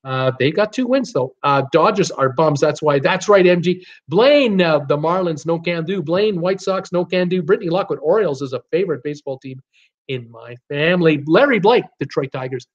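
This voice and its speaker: A man's voice: on the high side, expressive, moderate pace, lo-fi sound. A man hosting a casual live-stream trivia game, chatty, reading out viewer names and answers with lots of fillers.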